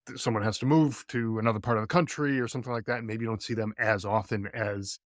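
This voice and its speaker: A middle-aged man hosting a podcast interview, speaking in a measured, hesitant way with many fillers. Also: lowish voice, fairly even intonation, no echo, studio quality. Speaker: podcast host. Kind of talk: conversational interview.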